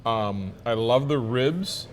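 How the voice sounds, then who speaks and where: A man's voice: medium pitch, animated, slow. A middle-aged man hosting a casual food-tasting chat in a restaurant, talking in a chatty, jokey way with many stammered restarts. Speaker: news show host.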